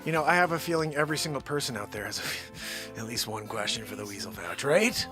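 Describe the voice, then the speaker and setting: A man hosting his nightly live show, joking around and swinging between loud hype and low mutters. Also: animated, brisk, over music. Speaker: host. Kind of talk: comedic live-stream banter.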